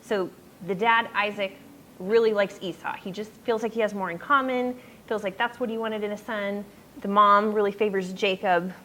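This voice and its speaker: A woman's voice: mid-range voice, steady tone, normal speed, bright, forceful tone, slight background noise, rough recording. A young adult woman giving a casual youth sermon, chatty and full of fillers and tangents. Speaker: youth speaker. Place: youth group room.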